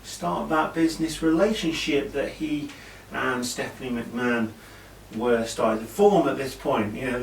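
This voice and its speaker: A man's voice: medium pitch, creaky. A British man casually recapping an old wrestling event, rambling with asides and fillers. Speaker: wrestling show reviewer. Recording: echoey room, mic at a distance, faint hiss.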